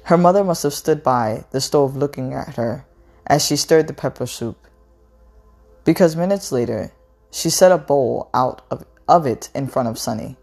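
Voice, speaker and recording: A woman reading a novel aloud in a measured, unhurried way, with an occasional stumble over a word. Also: rumbling low, gravelly, darkish tone, soft background music.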